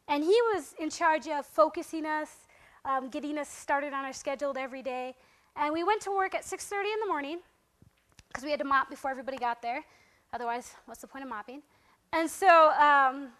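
A young woman casually telling a personal faith story to a group, acting out what people said with lively, laughing asides. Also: high voice. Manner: animated, acts out quotes in a raised voice, laughs often. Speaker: speaker sharing a testimony.

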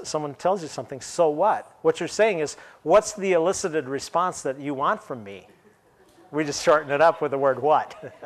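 A male pastor preaches a sermon conversationally in a slightly high voice. He laughs now and then and slows down to stress key words.

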